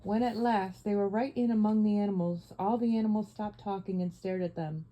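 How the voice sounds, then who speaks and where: A woman narrates a classic children's story in a steady, even reading. Her voice is very soft and mellow, with no edge to it. The pitch sits in an ordinary middle range. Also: a little fast, rough recording. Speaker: audiobook narrator. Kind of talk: scripted narration.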